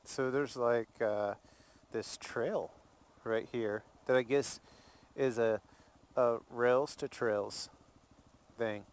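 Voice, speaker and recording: A man's voice: mid-range voice, steady tone, slow, pauses often. A man, from Alabama, rambling and joking in a casual vlog while driving his car. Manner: chatty, rambling, jokey, laughs easily. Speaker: vlogger.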